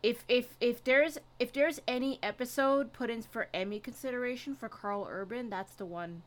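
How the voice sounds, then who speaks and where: A woman co-hosting a podcast, chatty and giggly and quick to laugh at herself. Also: on the high side. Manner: chatty, giggly, self-mocking. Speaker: podcast co-host. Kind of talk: casual chat.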